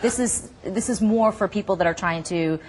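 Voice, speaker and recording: An upbeat, chatty woman hosts a TV segment and fires quick follow-up questions at her guest. Her voice sits at an ordinary middle pitch, with a faint hum of room ambience behind her. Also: a little mellow. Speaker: TV show host. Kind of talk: studio interview chat.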